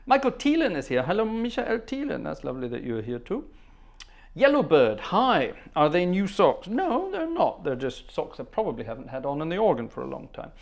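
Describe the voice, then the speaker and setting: A man's voice: on the high side, sing-song, brisk, creaky. Chatty man greeting livestream viewers. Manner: chatty, humming and trailing off between greetings. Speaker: livestream organ concert host. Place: at the organ console.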